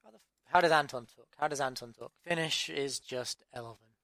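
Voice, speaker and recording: A man's voice: medium pitch, normal speed, sharp tone. An English man reading story narration, redoing lines and muttering in exasperation between takes. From England. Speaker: audiobook narrator.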